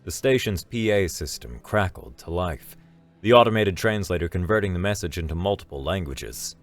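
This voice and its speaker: A man narrating a scripted science fiction story in a slow, even storytelling delivery. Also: deep voice, faint music behind.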